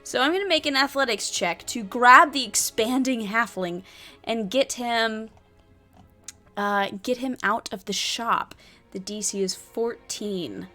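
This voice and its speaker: A woman's voice: a little high, a little slow, pushed and bright, faint music behind. Chatty woman narrating a solo game. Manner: chatty asides, many fillers. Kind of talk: reading and playing a solo tabletop adventure.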